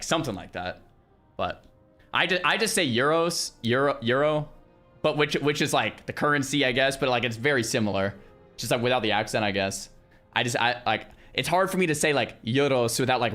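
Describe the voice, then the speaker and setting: A young man streaming, chatting casually with his viewers in an animated way, with lots of restarts and loud exclamations. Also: medium pitch. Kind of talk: casual livestream chat with viewers.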